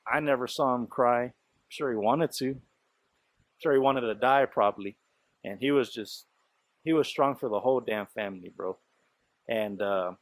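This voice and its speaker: A man's voice: medium pitch, no room sound. A man hosting a podcast, telling a story in loose casual talk, full of swearing, fillers and quoted speech. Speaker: podcast host.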